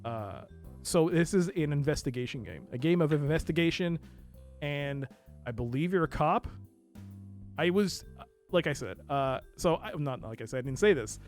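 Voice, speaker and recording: An excitable streamer talking through a game in a lively, swooping voice that jumps from mumbled asides to loud yelps and laughter. The talk is chatty and rambling, full of restarts and corrections. Faint music plays underneath. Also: medium pitch, normal speed. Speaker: live streamer playing games. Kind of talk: let's play game commentary.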